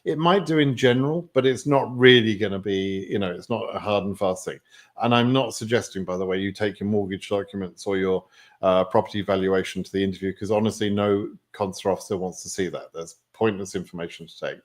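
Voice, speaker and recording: A man's voice: lowish voice, steady tone, fairly quick. A man with an English accent answering viewer questions on a live stream, in a chatty way with many fillers. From England.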